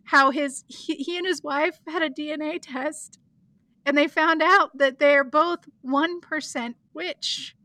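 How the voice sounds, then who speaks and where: A woman with a high, bright voice recaps a show in a loose, giggly way, full of likes and ums. Her sound is close and dry, with no room around it. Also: steady tone, takes it slowly, no echo. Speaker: podcast co-host recapping an episode. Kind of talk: casual chat.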